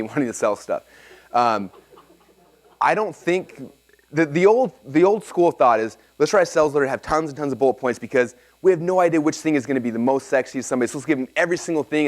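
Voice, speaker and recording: A man teaching a live seminar to an audience and taking their questions, energetic and excitable, often checking in with "okay?". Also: mid-range voice. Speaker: seminar presenter.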